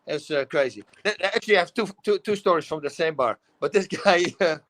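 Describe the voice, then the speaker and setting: A middle-aged man with a Dutch accent, telling animated stories in a casual talk show. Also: fairly high pitch, a little fast, rough recording. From Netherlands. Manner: animated storytelling, acts out quotes, laughs often. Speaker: guest. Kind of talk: casual storytelling.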